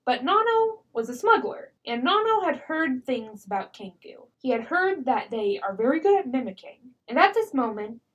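A woman tells tabletop game stories in a casual podcast chat, animated and quick to laugh. Her voice sits a bit high, and she keeps slipping into character voices mid-story. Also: dull audio. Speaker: podcast guest.

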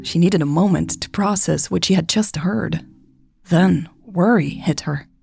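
A woman narrating romance fiction in a measured, even storytelling voice. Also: fairly low pitch, vocal fry. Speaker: podcast author and narrator.

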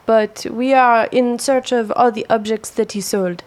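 A woman's voice: on the high side, steady tone, unhurried, a little mellow. A woman role-playing a polite, formal character at a tabletop game. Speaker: player.

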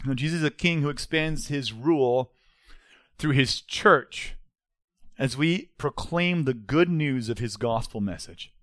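A man's voice: mid-range voice, unhurried, fairly bright tone, dry recording. A man, preaching a sermon as pastor in an earnest, emphatic way.

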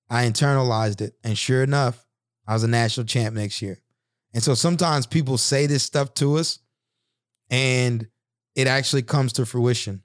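A man's voice: medium pitch, darkish tone, no echo, clean studio sound. A man in his thirties hosting a podcast, telling personal stories in an earnest, reflective monologue with frequent restarts. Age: 30s. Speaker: podcast host.

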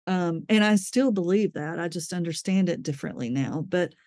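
A woman's voice: lowish voice, normal speed, a little mellow, no room sound, studio quality. A woman, a guest in an interview, telling a personal story candidly, laughing often and restarting her sentences.

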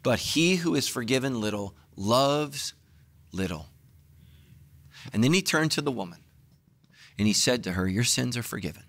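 A middle-aged man preaching a sermon as a pastor, telling the story with acted-out dialogue and sudden swings between loud and hushed. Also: moderate pace, pauses often. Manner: animated storytelling, acting out dialogue with big pitch swings.

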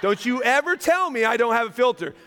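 A man preaching a sermon as pastor, animated and self-deprecating, joking and laughing with his congregation. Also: very high voice, brisk, slight background noise. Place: large church hall. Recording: long hall reverb.

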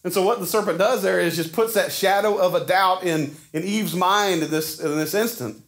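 A man's voice: sits high, moderate pace, a bit bright. A man, preaching a sermon to his church in a folksy, conversational way with frequent restarts. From Arkansas. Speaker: pastor. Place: church sanctuary.

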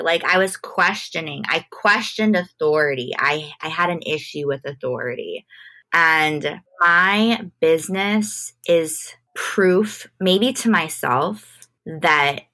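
A woman with a deep, pushed, bright voice speaks slowly as a guest on a podcast. An entertainment manager, she talks candidly and thoughtfully in this casual interview, often restarting her sentences.

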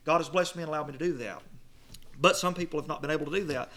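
A middle-aged preacher with a high, bright voice delivers a sermon. He swells into loud stressed phrases, then drops to a low murmur, and he reads old scripture wording slowly and weightily. His voice has a clear, bright edge.

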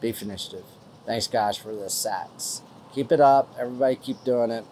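A man's voice: medium pitch, normal speed, darkish tone, a little hiss or hum. A man with a West Texas accent hosting a podcast, chatting in a folksy, rambling way and thanking listeners for donations. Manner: folksy, rambling, uses lots of fillers. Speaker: podcast host. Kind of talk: casual podcast chat reading listener donations.

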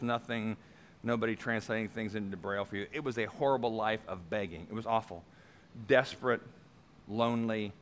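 Male pastor, mid-pitched, preaching, animated and conversational, loud emphatic peaks with soft offhand asides. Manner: conversational, thinks aloud with filler asides. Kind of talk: sermon.

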